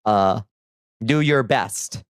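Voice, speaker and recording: A man's voice: medium pitch, very slow, smooth, no echo. A man chatting on a casual livestream, reading chat aloud and answering in a chatty, sardonic way, on a close desk mic. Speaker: streamer.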